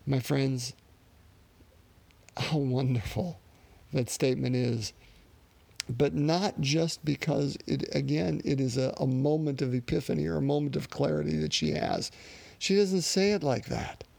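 A man preaching a sermon in an earnest, reflective way, pausing and restarting as he works through his thoughts. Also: mid-range voice, gravelly, darkish tone, no room sound.

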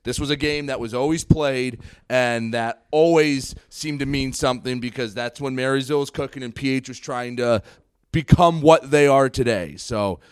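A man hosting a sports podcast, chatting casually with relaxed, teasing banter into a close studio mic. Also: medium pitch, normal speed, clear, resonant tone, dry recording. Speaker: podcast host.

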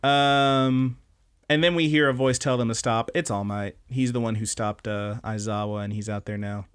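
A young man with a smooth, resonant voice chats through an anime recap on a podcast. He talks in a loose, animated way, swears a lot, and slips into the characters' lines as he goes. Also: mid-range voice, normal speed. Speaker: podcast host. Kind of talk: casual recap chat.

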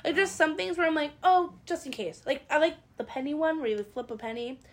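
A high-voiced woman chats on a podcast, her pitch leaping up and down. She laughs often and rambles, trailing off mid-thought. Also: lively intonation, fairly quick. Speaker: podcast co-host. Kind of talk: casual chat.

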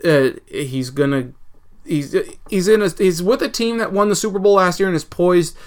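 Rambling, excitable sports podcast host. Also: male voice, high voice, moderate pace. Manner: rambling, animated, mock outrage. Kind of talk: casual sports chat.

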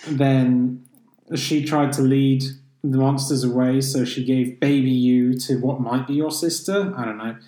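A man co-hosts a casual chat at an average pitch. He swears freely and drops into mimicked voices as he retells a story. The room gives his voice a roomy echo. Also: fairly even intonation, a little slow, warm tone. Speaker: podcast co-host.

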